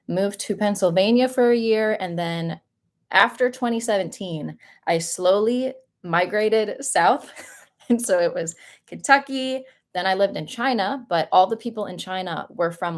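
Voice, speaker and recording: Giggly young woman with a slight Southern lilt. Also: fairly low pitch. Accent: light Southern US. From United States. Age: young adult. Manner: chatty, giggly, laughs often. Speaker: vlogger answering viewer questions. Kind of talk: casual livestream Q&A.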